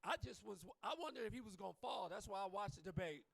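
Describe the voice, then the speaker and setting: A man's voice: high voice, fast, creaky, fairly bright tone, no echo. A man performing a live stand-up set on a comedy club stage, swearing freely and teasing the crowd. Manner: profane, loose, teasing the crowd.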